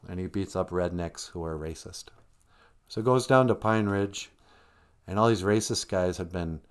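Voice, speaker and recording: A man hosting a livestream, joking and teasing in an ironic, chuckling way. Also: lowish voice. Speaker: host of a language livestream.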